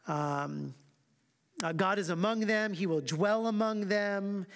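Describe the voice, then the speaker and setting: Male pastor teaching a Bible class, high voice; slow, weighty scripture reading, then brisk casual asides; church hall reverb. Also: fairly bright tone. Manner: reads scripture slowly and emphatically, then talks quickly and casually.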